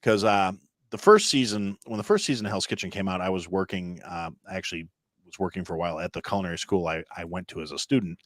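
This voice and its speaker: A man's voice: low-pitched, animated, fast talker, no echo. A man from Illinois, a chef guest on a podcast, telling stories in casual chat and acting out quoted lines. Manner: storytelling, acts out loud quotes.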